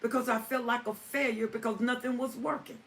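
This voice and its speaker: A woman's voice: fairly high pitch, fairly even intonation, brisk. A woman hosting a live stream, answering viewer comments and repeating phrases for emphasis. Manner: emphatic, repeating lines for stress. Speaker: livestream host. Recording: distant mic with faint ambient noise.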